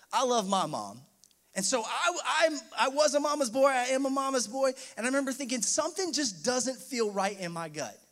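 High-voiced young man preaching a sermon. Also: a bit bright. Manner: personal storytelling, rising to impassioned outbursts. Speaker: pastor.

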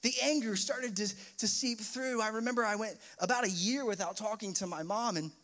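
A young man preaching to his congregation in a high, light voice. He tells a personal story in his sermon and climbs into impassioned, emotional outbursts before settling back down. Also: a little fast, a bit bright. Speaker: pastor.

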